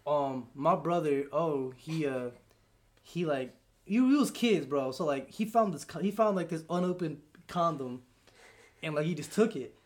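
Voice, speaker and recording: High-voiced young man telling stories. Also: measured pace. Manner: animated storyteller, acts out quotes, laughs a lot. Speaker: podcast co-host. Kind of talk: casual chat.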